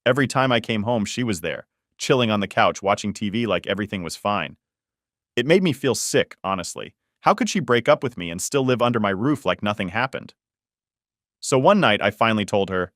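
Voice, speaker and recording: A man's voice: fairly low pitch, animated, a little fast, a bit bright, no echo, studio quality. A man telling a personal story in first person, in a conversational, exasperated way. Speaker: narrator.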